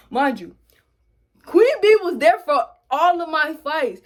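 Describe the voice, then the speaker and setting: A young woman, casually telling a storytime and animatedly acting out quotes. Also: moderate pace. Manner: animated, acts out quotes in a high voice. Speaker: vlogger.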